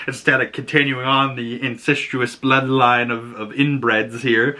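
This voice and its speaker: An excitable man hosts a casual TV recap, laughing often and cursing freely. His voice is bright and forceful at a middle pitch. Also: takes it slowly, hardly any pauses. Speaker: show host.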